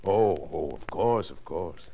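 A flustered, low-voiced schemer. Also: male voice, animated, slow pace, creaky, dark tone, dull audio, heavily acted. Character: nervous male schemer, flustered accomplice. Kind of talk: 1940s radio acting.

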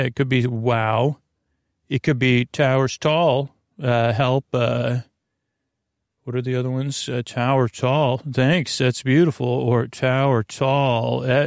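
A man hosting a comedy podcast, rambling through a halting monologue full of fillers and restarts, crooning quoted lines slowly. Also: mid-range voice, vocal fry, no echo, clean studio sound.

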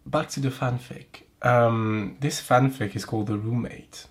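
A man's voice: medium pitch, fairly even intonation, measured pace. A man with a French accent, a French speaker hosting a podcast in casual chat. He rambles, swears freely and mocks himself, and he sounds nasal from pollen right now. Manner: profane, rambling, self-mocking. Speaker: podcast host. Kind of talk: casual chat and reading aloud.

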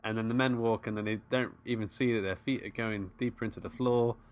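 Low-voiced guy cohosting a film podcast, laid back, lots of ums. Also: steady tone, a little fast. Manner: easygoing, hesitant, many fillers. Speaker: podcast co-host. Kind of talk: casual film chat.

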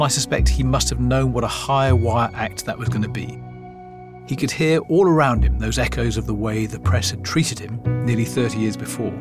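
Male documentary host, reflective and measured narration, faint music underneath. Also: medium pitch.

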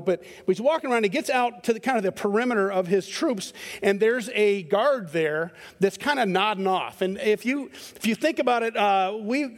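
A middle-aged male pastor giving a conversational sermon, telling stories and acting out their voices with a self-deprecating manner. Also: high-pitched. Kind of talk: sermon with storytelling. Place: church sanctuary. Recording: long hall reverb.

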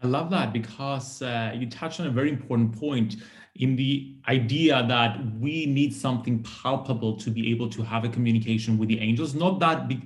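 A man's voice: medium pitch, normal speed. Enthusiastic man hosting a spiritual podcast. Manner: enthusiastic, effusive. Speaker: podcast host. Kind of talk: casual interview chat.

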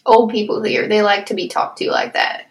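A woman's voice: medium pitch, flat delivery, brisk. A woman in her twenties co-hosting a podcast, easygoing and giggly as she chats and ad-libs the sign-off. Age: 20s. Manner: easygoing and giggly, reads the outro loosely from memory. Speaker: podcast co-host. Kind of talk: casual chat.

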